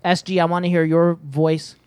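A man hosting a gaming podcast, brisk and joking, swearing casually while checking the sound. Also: on the high side, flat delivery, a little mellow, clear, resonant tone. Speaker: podcast host. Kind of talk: casual chat.

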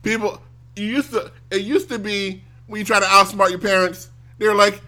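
A man ranting casually to a stream audience, animated and given to mocking impressions. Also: sits high, normal speed. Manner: animated, mocks others in loud exaggerated voices.

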